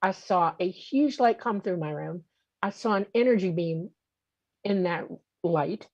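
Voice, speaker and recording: A woman's voice: on the low side, a little slow, darkish tone, no room sound, lo-fi sound. A woman in her sixties, a guest vividly telling her own encounter story in casual interview talk.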